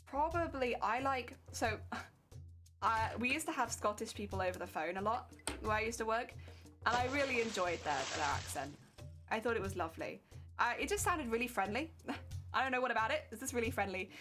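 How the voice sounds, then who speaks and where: Chatty English woman streamer, higher voice. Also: lively intonation, normal speed, over music. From England. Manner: chatty, rambling, fillers like "like" and "heck yeah". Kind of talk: casual live-stream chat while sewing.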